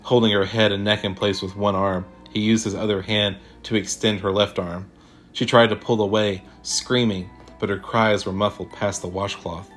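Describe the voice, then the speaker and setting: Man, low voice, scripted horror story narration, faint music behind. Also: level tone, normal speed, fairly bright tone.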